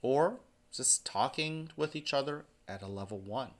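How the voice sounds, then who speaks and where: A man's voice: mid-range voice, expressive, unhurried. A man who is a school principal, giving morning announcements and speaking encouragingly to students.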